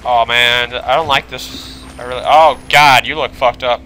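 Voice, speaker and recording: A man playing a horror video game, commentating with panicky swearing, switching between yelling and muttering. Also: mid-range voice, steady tone, normal speed, a little hiss or hum. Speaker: gaming video host.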